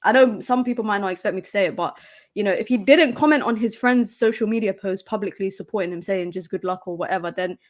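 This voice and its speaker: A woman gives her take as a panelist on a football chat show. English is not her first language. She talks in a relaxed, slangy, opinionated way. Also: mid-range voice, quick pace. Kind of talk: casual football podcast chat.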